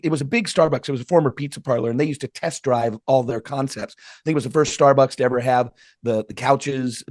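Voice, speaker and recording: Animated storytelling man, dry close sound. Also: mid-range voice, dry recording. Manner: animated, acts out quoted voices. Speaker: guest author. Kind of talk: storytelling in a podcast interview.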